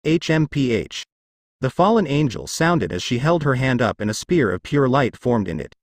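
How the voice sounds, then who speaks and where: A man's voice: medium pitch, very animated, moderate pace, dry recording. A man reading a fanfiction story aloud as narration. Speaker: fanfic reader. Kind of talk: scripted narration.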